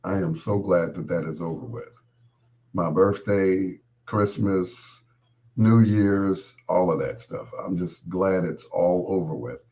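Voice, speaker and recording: A middle-aged man with a deep, mellow voice speaks slowly as he hosts a live stream, still regaining his voice after an illness. He rambles and jokes casually, talking straight to his viewers.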